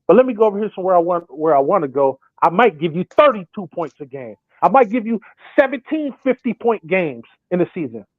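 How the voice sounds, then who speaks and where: A young man talking sports on a podcast, excited and casual, often acting out made-up quotes. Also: sits high, fairly quick, dry recording. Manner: acts out imagined quotes in put-on voices. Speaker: podcast co-host. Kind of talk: animated sports talk. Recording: thin phone-like sound.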